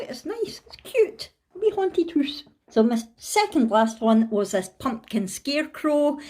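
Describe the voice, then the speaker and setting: Chatty Scottish woman, giggly vlogger. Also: mid-range voice. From Scotland. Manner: chatty and giggly, talks herself through her choices. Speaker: craft channel host. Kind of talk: casual show-and-tell vlog.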